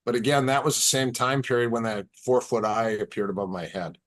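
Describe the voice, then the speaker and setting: A man's voice: medium pitch, brisk. A man in casual podcast chat, telling stories and acting out the dialogue. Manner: relaxed storyteller, acts out quoted dialogue. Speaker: podcast guest.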